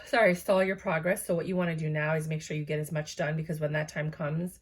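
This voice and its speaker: A woman's voice: sits low, moderate pace. A woman giving a casual, chatty tarot reading to her viewers, tired and yawning, with many fillers and asides. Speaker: tarot reader.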